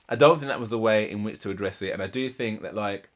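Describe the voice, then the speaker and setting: A man's voice: on the low side, fast, hardly any pauses. A man hosting a reaction channel, commenting casually and emphatically. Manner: animated, emphatic, repeats himself for emphasis.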